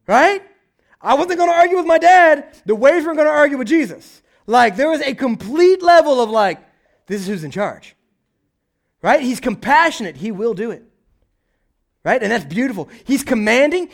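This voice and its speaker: High-voiced, animated male preacher. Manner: animated preaching, acts out voices, frequent "right?". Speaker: pastor. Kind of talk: sermon.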